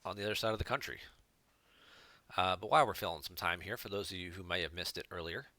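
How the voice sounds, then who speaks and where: A man with a deep voice that still cuts through sharp and forceful. He chats casually with viewers in his stream chat as he plays. The sound is dry, with no room around it. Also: fast talker, no echo. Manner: chatty, talks to viewers in chat. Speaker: card game streamer. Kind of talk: casual gameplay commentary.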